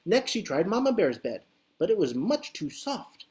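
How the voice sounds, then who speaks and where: A woman reading a children's story aloud as an expressive, animated storyteller. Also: medium pitch, moderate pace.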